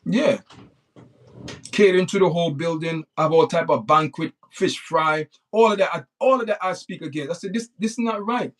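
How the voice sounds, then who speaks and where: Man in a blunt, repetitive rant. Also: fairly high pitch. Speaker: livestream host. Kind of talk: unscripted livestream monologue.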